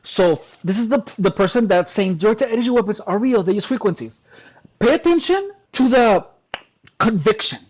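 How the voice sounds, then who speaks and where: A man's voice: high-pitched, lively intonation, moderate pace, a little mellow, slight background noise, low-quality recording. Scoffing man mocking online comments. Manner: scoffing, crude, laughs often, stumbling restarts. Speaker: commentary vlogger reacting to comments.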